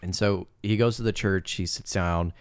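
A man co-hosts a casual movie podcast, retelling the story scene by scene and acting out bits of dialogue. His voice is low and smooth. The sound is dry and close. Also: steady tone, normal speed, dry recording. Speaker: podcast co-host. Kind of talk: casual movie recap chat.

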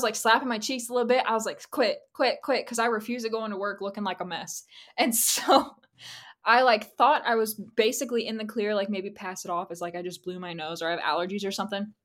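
A young woman co-hosting a casual podcast, telling stories with lively energy and laughing easily. Her voice sits in the middle of the usual range for a woman. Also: mid-range voice, quick pace. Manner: chatty, laughs often, animated storytelling. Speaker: podcast co-host. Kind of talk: casual chat.

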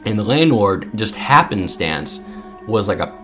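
A man's voice: lowish voice, measured pace, soft background music. A man co-hosting a podcast, telling a story with lots of fillers and acting out what people said. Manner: animated storyteller acting out quotes, many fillers. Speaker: podcast co-host. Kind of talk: casual storytelling.

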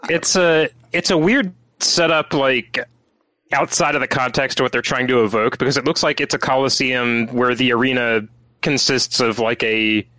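A man co-hosting a podcast, talking through a trailer in a measured, analytical way. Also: medium pitch, steady tone, bright, forceful tone, dry recording, rough recording. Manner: measured, analytical, many fillers. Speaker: podcast co-host. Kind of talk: casual chat.

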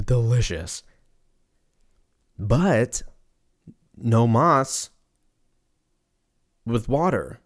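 A man hosting a casual solo podcast, rambling off on tangents, swearing freely and laughing at his own jokes. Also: lowish voice. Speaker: podcast host.

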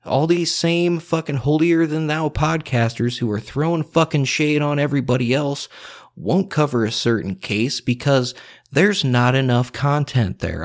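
A man hosting a podcast, talking bluntly in a heated, profane, unscripted rant. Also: medium pitch. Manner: heated, blunt and swearing constantly. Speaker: podcast host.

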